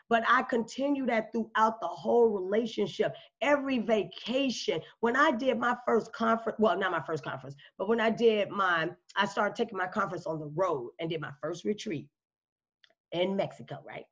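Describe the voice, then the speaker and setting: A woman guest in a casual interview, telling her story and acting out quoted dialogue with big jumps in pitch. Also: moderate pace. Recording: slightly dull lo-fi audio.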